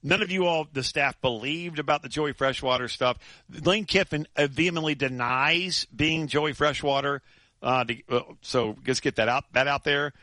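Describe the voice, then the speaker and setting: A man hosting sports radio, telling a story in animated chat full of restarts and laughs. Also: fairly high pitch, normal speed, dry recording.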